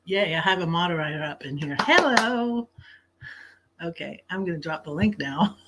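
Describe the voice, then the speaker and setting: A woman's voice: lowish voice, animated, normal speed, fairly bright tone, slight background noise. A woman hosting a casual late-night livestream from her bed, chatty, laughing often and snacking while she talks. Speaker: livestream host.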